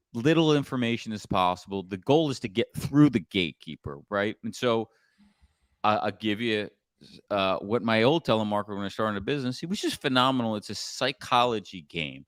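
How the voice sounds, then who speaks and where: A middle-aged man coaching on sales in a casual podcast chat, blunt and animated, sometimes swearing. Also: mid-range voice, dry recording, clean studio sound. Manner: blunt, animated storytelling with profanity.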